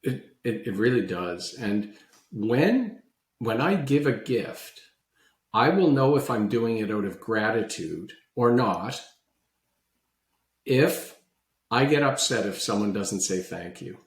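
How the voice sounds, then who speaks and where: A man, a guest on a podcast, telling a personal story about gratitude with animated, lively swings in his voice. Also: slow pace, roomy sound. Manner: animated storyteller, voice leaping high when recalling his own past disbelief.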